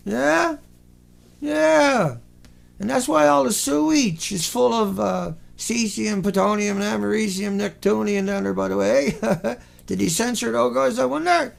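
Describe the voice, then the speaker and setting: A man hosting an online show, talking in a sarcastic, mocking commentary style with animated asides. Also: high-pitched, normal speed, creaky.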